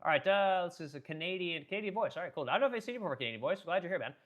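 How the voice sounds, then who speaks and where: A man with a high voice hosts a livestream, talking very fast and animatedly. He's blunt and profane, rambling with lots of restarts as he reads chat comments and shares his opinions casually.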